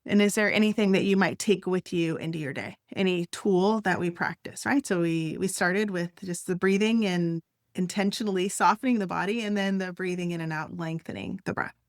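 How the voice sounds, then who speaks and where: A woman leading a guided breathing and stretching exercise, with gentle, encouraging, unhurried instructions and the odd soft laugh. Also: on the low side, dry recording, clean studio sound. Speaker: wellness instructor.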